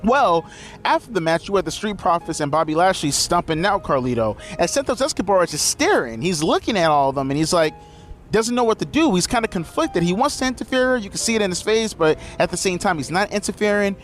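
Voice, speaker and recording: A man's voice: high-pitched, very animated, fairly quick, faint music behind. A man giving a casual, profane, rambling recap of a wrestling show.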